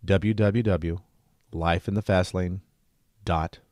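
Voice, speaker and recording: Brief: male emergency medicine educator, lowish voice, chatty and upbeat, dry close sound. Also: steady tone, slow, a little mellow, no room sound. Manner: chatty and enthusiastic, light joking. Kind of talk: casual screen-share lesson.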